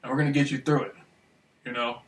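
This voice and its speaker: A man recording a rambling, excited monologue, repeating himself and often asking if you follow him. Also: mid-range voice, fast, reverberant, distant mic. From Michigan, United States. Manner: excited, repetitive, keeps asking "you know what I mean". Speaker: vlogger.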